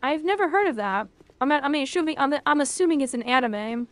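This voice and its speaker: A woman streaming a video game, reacting loudly and swearing freely at each twist of the fight. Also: high-pitched, a little fast. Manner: excitable, swears a lot, talks at the game. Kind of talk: live gameplay commentary.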